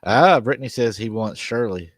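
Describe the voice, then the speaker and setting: A man retells a strange story on a live stream, slipping into quoted dialogue and laughing along the way. His voice sits at a middle pitch. The sound is dry and close. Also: expressive, normal speed, dry recording. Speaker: podcast host.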